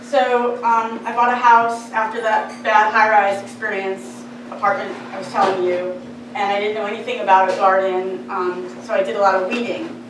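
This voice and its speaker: Woman poet, unhurried reading, far from the mic, café din behind. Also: mid-range voice, little pitch movement. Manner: slow, deliberate reading with chatty asides. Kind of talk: poetry reading. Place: coffee house. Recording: very echoey, distant, noisy room. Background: coffee house din.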